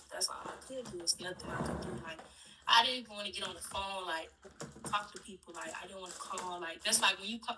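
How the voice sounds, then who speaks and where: Distressed woman, distant noisy mic. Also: medium pitch. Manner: distressed, repetitive, pleading. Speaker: interviewee. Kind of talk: emotional live-stream talk.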